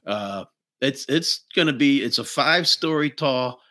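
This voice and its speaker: Bright-voiced comedian man pitching. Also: animated. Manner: halting, hesitant storytelling with fillers. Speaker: comedian guest.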